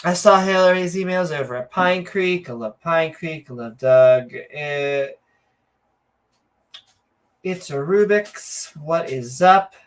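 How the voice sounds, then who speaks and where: Speaking slowly in a deep voice, a podcast co-host works through viewer comments. Her delivery is rambling, sarcastic, and jokey, peppered with fillers and self-corrections.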